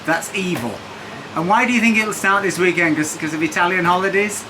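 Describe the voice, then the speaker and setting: A man's voice: high voice, a little fast. A man hosting a walking tour, chatting in a wry, self-mocking way while walking outdoors with a handheld camera. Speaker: vlogger, tour host. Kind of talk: casual walking-tour narration and chat. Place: outdoors in a seaside village street. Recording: outdoor street noise.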